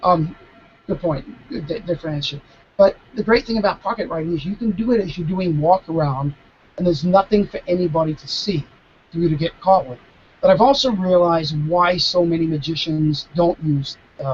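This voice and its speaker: A man, a mentalist guest, chatting casually over a video call, animated and stopping to restart his sentences. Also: a little high, lo-fi sound, a little hiss or hum. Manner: animated, acting out dialogue, frequent restarts. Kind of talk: casual storytelling Q&A.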